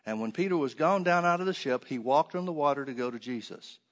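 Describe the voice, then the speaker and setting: A man preaching a sermon, reading scripture aloud and then explaining it with rhetorical questions, swinging between loud emphatic stresses and hushed asides. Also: mid-range voice, lively intonation, fast.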